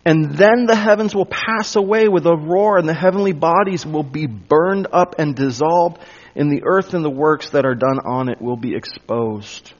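A male pastor working through scripture in a sermon, pressing his points with emphasis and sinking to a quiet hush when he wants them to land. His voice sits a little high. The recording is dull and lo-fi. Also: normal speed. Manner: emphatic, drops to a hush for weight. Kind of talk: expository sermon.

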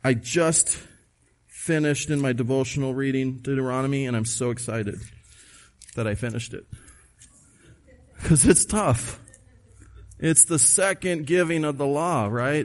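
A man's voice: mid-range voice, measured pace. A man preaching a sermon, emphatic and conversational, asking the listeners questions and reading scripture aloud. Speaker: pastor.

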